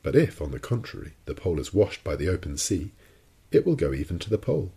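A man's voice: low voice, big pitch swings, fast, gravelly, mellow, husky, heavily acted. A man voicing a proud, cool-headed sea captain in an audiobook, speaking with dry irony and total confidence. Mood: assured. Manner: ironic and cold, unshakably confident. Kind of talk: audiobook character reading.

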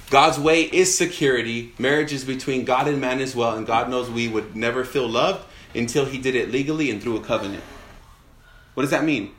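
A man preaching a sermon in an animated way, asking rhetorical questions and acting out quoted voices. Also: mid-range voice, echoey room.

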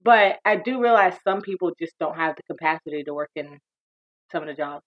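A woman's voice: sits low, a little fast. A woman in her thirties, a podcast co-host, talking casually and animatedly about work and growing up. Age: 30s. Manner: chatty, animated, breaks into a bright phone voice. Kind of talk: casual chat. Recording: slightly dull lo-fi sound.

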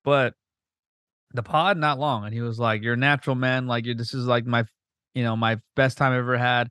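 This podcast host has a mid-range voice and chats casually with his guest, cursing freely. He tells quick, animated stories and voices the quotes himself. The recording is dry and of studio quality.

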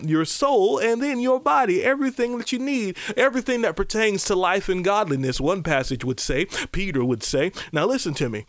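A man preaching a podcast sermon, animated, with loud exclamations, soft asides and repeated calls to his listeners. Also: high-pitched, no room sound.

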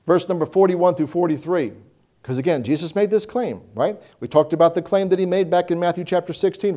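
Animated man preaching a sermon. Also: on the high side. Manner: animated preaching, swinging from loud to hushed.

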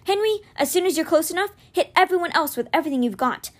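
A woman's voice: extremely high pitch, expressive, fast talker, pitched above the performer's own voice. A woman voicing a determined boy wizard leading his friends in a storybook reading. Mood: urgent. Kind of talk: reading a children's novel aloud.

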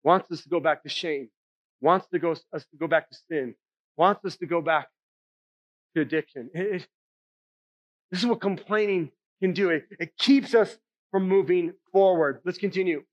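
A man's voice: sits high, moderate pace, dull audio. A male pastor preaching a sermon in a conversational way, often checking in with the congregation with "right?" and "okay?".

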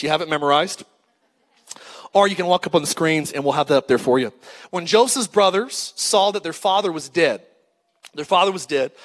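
High-voiced preaching man in a reverberant hall. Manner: lively preaching with call-and-response to the congregation. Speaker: pastor. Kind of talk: sermon. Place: church auditorium. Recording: long reverb of a large church hall.

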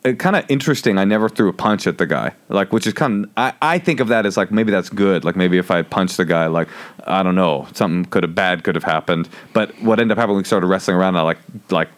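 A man's voice: low voice, fast. A man in his thirties, a comedian telling a rambling story on a podcast, full of fillers and restarts. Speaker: guest comedian.

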